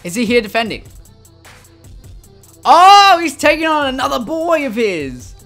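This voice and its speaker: High-pitched excitable gaming commentator, man. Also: a little fast, soft background music. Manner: swings between muttering and shouting with excitement; casual slangy talk. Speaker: gaming YouTuber.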